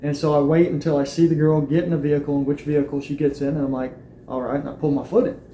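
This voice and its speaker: A man's voice: a little high, level tone, fast talker, dark tone. A man recounting his arrest plainly and acting out the lines he quotes. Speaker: arrestee telling his story. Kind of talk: personal account. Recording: echoey room with faint noise.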